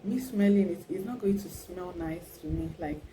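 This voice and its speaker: A young woman with a Nigerian accent, talking casually to camera in a vlog, expressive and full of "like" and "oh my goodness". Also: on the low side, moderate pace, background noise. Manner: expressive, keeps saying "like" and "oh my goodness". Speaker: vlogger.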